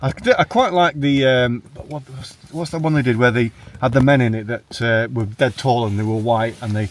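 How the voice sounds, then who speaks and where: A man's voice: medium pitch, steady tone, moderate pace, distant mic, a little hiss or hum. A man chatting casually with a friend outdoors at a camp, joking and laughing often. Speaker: wild camper chatting with a friend. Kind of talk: casual chat. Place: outdoors at a wild camp on moorland. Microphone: small handheld camera.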